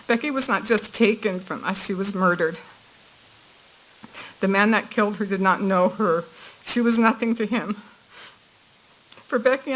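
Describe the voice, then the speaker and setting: A woman's voice: on the high side, rough recording. Earnest middle-aged woman reading a court statement. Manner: earnest, measured, grief held back. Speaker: victim's aunt giving a statement.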